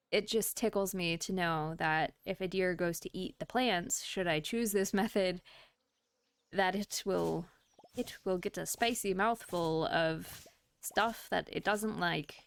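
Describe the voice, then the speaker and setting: A woman's voice: mid-range voice, no room sound. A woman streamer chatting casually while playing a farming game, rambling and laughing often, with the hiccups. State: has the hiccups. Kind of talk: casual gameplay chat.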